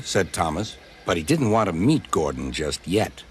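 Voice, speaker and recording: Gentle storybook narrator, man. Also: deep voice, big pitch swings, normal speed, few pauses. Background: faint background music.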